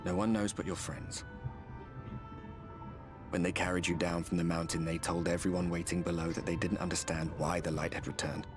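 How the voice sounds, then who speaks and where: An actor playing a calm, world-weary male fantasy game character in cutscene dialogue, measured and gently urging. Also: low-pitched, lightly acted. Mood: sombre. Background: game score music.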